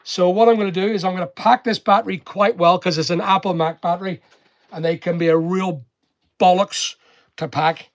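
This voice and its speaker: Man, London-Northern Irish accent, high-pitched voice, casual live-stream chat, rambling, greets viewers. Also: fairly even intonation, moderate pace, no room sound. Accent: London and Northern Irish mix. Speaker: online seller streaming live. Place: packing room at work.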